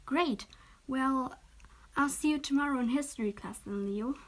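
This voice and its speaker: A woman voicing a polite, kind teenage girl in a soft half-whisper, as whispered role-play. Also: sits high, normal speed, voice pushed up. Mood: gentle.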